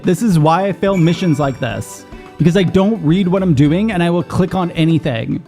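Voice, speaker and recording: Guy streaming a game, swears a lot, gets shrieky and loud when stuff surprises him, kinda high voice, faint game music under it. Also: measured pace. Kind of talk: reacting to a game, casual commentary.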